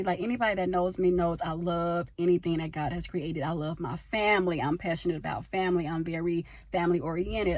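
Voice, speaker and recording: A young woman from the United States talking casually into a handheld phone, telling a personal story and getting louder as she gets passionate. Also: on the low side. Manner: animated, gets loud when passionate. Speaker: vlogger. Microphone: phone held in hand.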